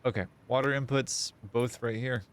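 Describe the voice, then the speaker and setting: A man streaming a game live, chatting casually in an excitable, self-mocking and sarcastic way. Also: medium pitch, moderate pace, smooth. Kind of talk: live gameplay stream chat.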